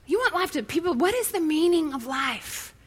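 A woman preaching an animated, impassioned sermon that leans on storytelling. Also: high-pitched, normal speed.

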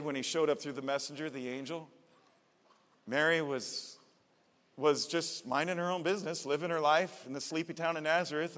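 A man's voice: fairly high pitch, a bit bright, in a large hall. A man preaching a sermon as pastor, speaking in an earnest, conversational way that repeats phrases for emphasis.

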